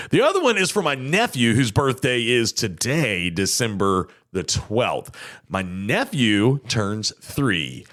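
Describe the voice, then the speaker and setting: A man in his thirties with a drawl, hosting a casual local podcast. His talk is chatty and loose, full of fillers. His pitch swings widely and lively, rising high when he gets excited. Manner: chatty and animated, many fillers. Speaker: podcast host.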